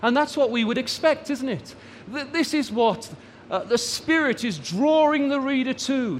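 Lively preacher in a reverberant hall. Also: male voice, very high voice, unhurried, hardly any pauses, slight background noise. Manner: rises and falls for emphasis, draws out key words. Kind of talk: sermon.

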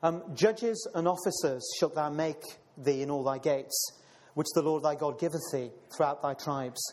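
Calling out to brothers and sisters, a man delivers a sermon with scripture readings, his high-leaning voice darkish in tone and normal in speed. Fillers and repeated words run through his talk, echoing in long hall reverb.

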